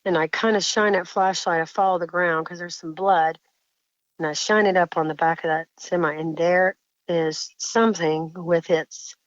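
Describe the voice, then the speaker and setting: A woman caller telling a frightening encounter story in a shaken, halting way, often breaking off and restarting sentences. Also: on the low side, no echo, dull audio. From Indiana.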